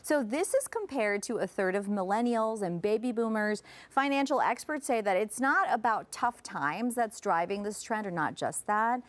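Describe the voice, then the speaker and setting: A woman's voice: medium pitch, lively intonation, normal speed, hardly any pauses. A woman in her thirties co-hosting a morning TV show in a studio, reading light news items and chatting about them. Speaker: TV talk show co-host. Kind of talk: casual morning show chat.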